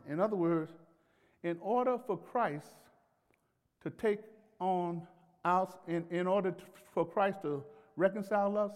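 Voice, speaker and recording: A man preaching a sermon as pastor, in a folksy, conversational way with laughter and acted-out pleading. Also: sits high. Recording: long hall reverb.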